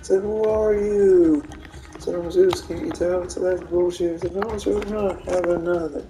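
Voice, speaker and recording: A woman giving casual, animated gameplay commentary, swearing freely and retelling what her teammates say. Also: on the low side, measured pace, a little hiss or hum, rough recording. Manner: animated, profane, retells teammates' reactions with laughter. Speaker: gamer streaming gameplay.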